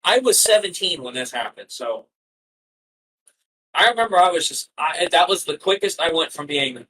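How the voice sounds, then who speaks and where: Bright-voiced man hosting a racing chat. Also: fairly high pitch, expressive, moderate pace, poor audio. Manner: conversational, earnest, with exclamations. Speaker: podcast co-host. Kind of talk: casual podcast chat.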